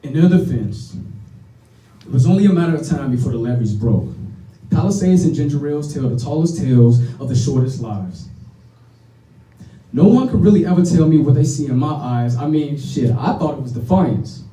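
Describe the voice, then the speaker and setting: A man's voice: on the high side, lively intonation, normal speed, warm tone. Young Chicago man performing intense spoken word. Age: young adult. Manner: rhythmic, intense, blunt and profane. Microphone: stage microphone. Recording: roomy sound from a distant mic.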